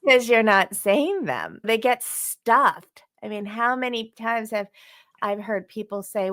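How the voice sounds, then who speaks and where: A woman's voice: medium pitch, measured pace, a bit bright. A woman co-hosting a podcast, explaining relationship ideas in a thoughtful, conversational way with light laughs. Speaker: podcast co-host.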